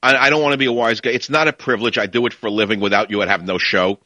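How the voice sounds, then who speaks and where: A man's voice: fairly low pitch, steady tone, very fast, bright, forceful tone, no room sound. A man hosting a talk radio show, ranting and sarcastic in his monologue.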